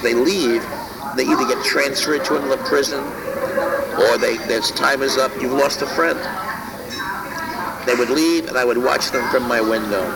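A man thoughtfully recalling the past, speaking in a halting, reflective way outdoors. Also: mid-range voice, gravelly. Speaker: interviewee. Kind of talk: reflective recollection. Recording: loud street noise behind.

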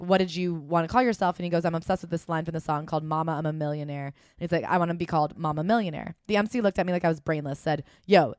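A woman's voice: lowish voice, no echo, studio quality. A young adult woman co-hosting a podcast, chatting casually, laughing often and reading book quotes aloud. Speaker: podcast co-host. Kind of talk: casual chat.

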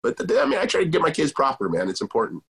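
A middle-aged man from Southern California, telling a story about his children in a halting way, often repeating and restarting words. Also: fairly high pitch, wildly swooping pitch, vocal fry, a bit bright, husky. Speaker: guest, father of two. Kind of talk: storytelling in conversation.

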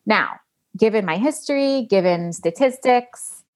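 Guest, woman, late 30s, candid storyteller who acts out the dialogue, mid-pitched. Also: measured pace. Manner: animated, acts out quoted dialogue, swears casually.

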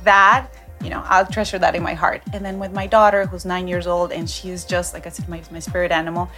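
A woman in her thirties co-hosting a casual chat, laughing easily and speaking warmly about her children. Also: fairly low pitch, flat delivery, fairly quick, over music. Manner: warm, laughing, emotional. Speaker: podcast co-host.

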